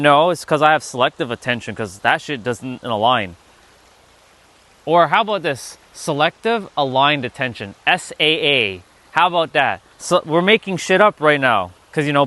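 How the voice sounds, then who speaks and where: A man hosts a loose motivational livestream outdoors, wandering among rocks as he talks to viewers. His voice sits a bit high and sounds bright and forceful. He is blunt and playful, swears freely, and makes up catchy acronyms as he goes. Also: no echo. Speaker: livestream host. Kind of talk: casual motivational livestream talk.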